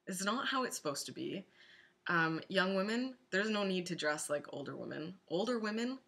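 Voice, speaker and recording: A woman's voice: on the low side, fairly bright tone. A middle-aged woman talking earnestly and directly to women listeners in a casual spoken blog post. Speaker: vlogger.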